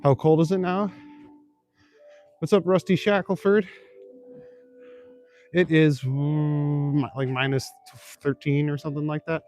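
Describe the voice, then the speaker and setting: A man's voice: on the high side, normal speed, soft background music. A young man from Northern Ontario chatting casually with his live stream viewers while he walks city back streets at night. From Northern Ontario, Canada. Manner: relaxed, swears casually, reads and answers chat.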